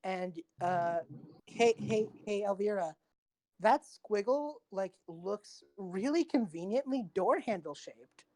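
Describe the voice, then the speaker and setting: A woman narrating a tabletop game as game master, telling the scene with lively, giggly energy. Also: mid-range voice, takes it slowly.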